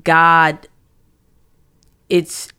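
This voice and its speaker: A young woman with a low, smooth, clear voice tells a deeply personal story as a guest on a conversation podcast. She speaks earnestly and with feeling, trailing off, restarting phrases and searching for her words. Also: monotone, drawn-out words, pushed and bright. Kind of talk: conversational testimony.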